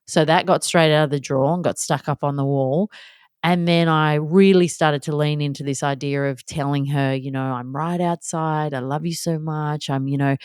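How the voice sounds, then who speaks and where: A woman's voice: low voice, fairly even intonation, normal speed, darkish tone, smooth, dry recording, clean studio sound. A woman in her thirties hosting a candid solo podcast, chatty and self-deprecating, acting out little scenes in her talk. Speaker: podcast host.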